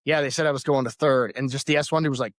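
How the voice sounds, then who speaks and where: Animated, laughing veteran storyteller, man. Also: medium pitch, rapid-fire, dry recording, studio quality. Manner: lively anecdotes with frequent laughter and acted-out quotes. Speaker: podcast guest, Army veteran. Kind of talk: casual storytelling.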